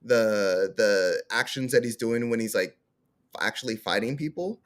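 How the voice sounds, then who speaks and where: Male podcast co-host, slightly low voice, casual and rambling, heavy use of filler words. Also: expressive, a little slow. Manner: rambling, lots of "like". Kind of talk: casual chat.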